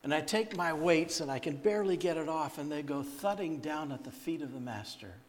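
A man's voice: fairly high pitch, brisk. A man who sings and speaks at church events, telling stories in a sermon and delivering them reflectively. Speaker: guest speaker and singer. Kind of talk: sermon storytelling.

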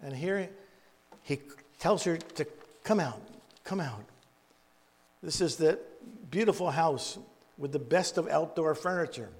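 A man preaching in a storytelling way, halting and repeating words, with folksy asides. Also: a little high. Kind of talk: storytelling Bible teaching. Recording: long echoey reverb.

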